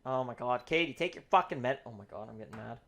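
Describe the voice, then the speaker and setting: A young man chatting casually while streaming a speedrun, excitable and swearing, breaking into laughter. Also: mid-range voice, fast, vocal fry. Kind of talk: casual live-stream chat while gaming.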